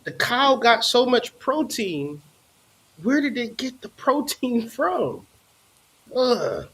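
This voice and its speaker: A man's voice: very high-pitched, very animated, slow pace, a bit bright, husky. A man hosting his own channel as a spiritual teacher, ranting casually in slang and swearing freely.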